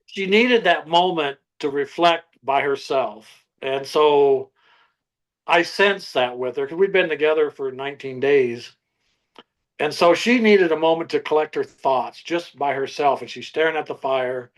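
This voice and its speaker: A man's voice: fairly high pitch, a little slow, poor audio. An older man, a survivalist guest, telling his story in an interview and acting out what he and others said. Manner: animated storyteller, acts out his own quotes.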